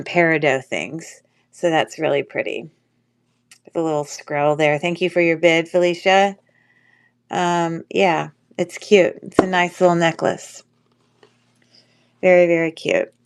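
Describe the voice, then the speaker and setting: Stuffy-nosed woman, smooth lowish voice. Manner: chatty, rambling, many ums and uhs. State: stuffy nose from a cold. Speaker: live jewelry auction seller. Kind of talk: casual live-stream selling chat.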